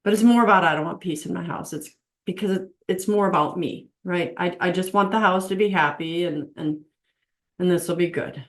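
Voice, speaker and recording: Earnest woman with a lowish voice. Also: moderate pace. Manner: earnest, acts out quoted voices, emphatic repetition. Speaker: marriage and faith speaker. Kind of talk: casual teaching monologue.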